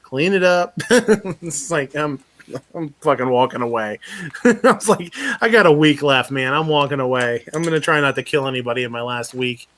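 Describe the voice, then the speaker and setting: Male host, casual chat, rambling anecdote, swears, laughs a lot, medium pitch. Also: moderate pace, fairly bright tone. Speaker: podcast host.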